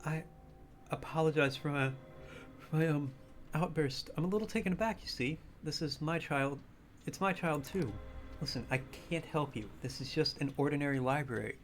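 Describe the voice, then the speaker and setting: A man's voice: fairly high pitch, normal speed, faint music behind, natural voice. A man doing a prim, sugary woman librarian. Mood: shaken. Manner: soft, prim, sugary and guarded. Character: sweet-voiced middle-aged woman librarian, evasive.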